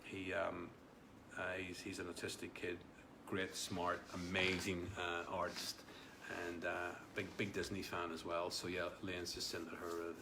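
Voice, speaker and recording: A man's voice: low-pitched, completely flat delivery, unhurried, vocal fry, noisy background. A man hosting a casual live stream, reading out viewer comments in a rambling way, with many fillers and repeated words. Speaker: livestream host.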